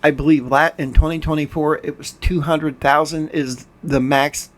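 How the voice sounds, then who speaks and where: An older man hosts a gaming channel, commenting over screen capture as he plays. His voice sits fairly high with fairly even intonation and a moderate pace. He rants in frustration, often stumbling and restarting his words.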